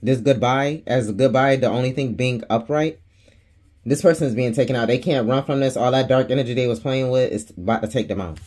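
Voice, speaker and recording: A man's voice: mid-range voice, brisk, darkish tone. A man giving a casual tarot reading, chatty and slangy, laughing often and swearing freely. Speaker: tarot reader.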